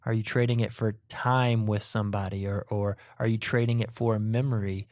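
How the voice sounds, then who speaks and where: A man's voice: on the low side, level tone, brisk, darkish tone, no room sound, studio quality. A middle-aged man co-hosting a casual podcast chat, talking in long, rambling runs that often restart mid-sentence. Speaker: podcast co-host.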